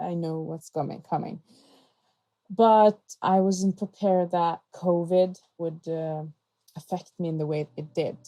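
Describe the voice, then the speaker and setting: A young adult woman who grew up in Norway, a pastor and podcast guest, telling personal stories with lively acted-out quotes and frequent laughter. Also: on the low side, poor audio. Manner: animated storyteller who acts out quoted voices and laughs often. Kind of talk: personal storytelling in an interview.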